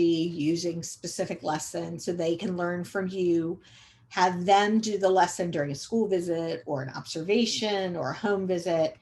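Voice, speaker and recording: A middle-aged woman giving a conversational training lecture to educators, repeating key points for emphasis and often pausing on "um". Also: lowish voice, slight background noise. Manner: conversational, repetitive emphasis, frequent um fillers. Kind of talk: recorded training webinar lecture.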